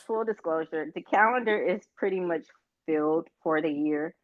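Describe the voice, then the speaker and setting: A woman's voice: low-pitched, moderate pace. Rambling, frank woman, dull lo-fi sound. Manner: frank, rambling, swears freely. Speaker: podcast co-host. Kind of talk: casual chat. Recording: dull lo-fi recording.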